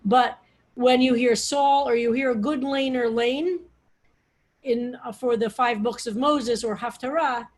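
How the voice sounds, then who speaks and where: Woman rabbi on a video call, bit higher voice, wanders and restarts a lot as she teaches. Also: fairly even intonation, unhurried, darkish tone. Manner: digressive, restarts often, talks over her own phrasing. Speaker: rabbi teaching a text study.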